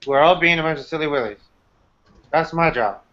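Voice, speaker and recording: A man's voice: fairly high pitch, a little fast, fairly bright tone. A man playing a tabletop role-play game over voice chat, playful and jokey. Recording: dull lo-fi voice chat.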